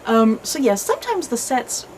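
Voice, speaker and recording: A woman's voice: a little high, sing-song, moderate pace, a little mellow, a little hiss or hum, rough recording. A young woman chatting casually in a video review, full of restarts and laughter. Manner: chatty, many restarts and "you guys", laughs often. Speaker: book and TV reviewer.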